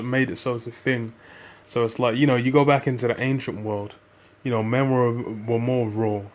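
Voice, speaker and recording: A man preaching in a rambling, casual monologue, full of fillers and profanity, quoting scripture. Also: medium pitch. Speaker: religious group member.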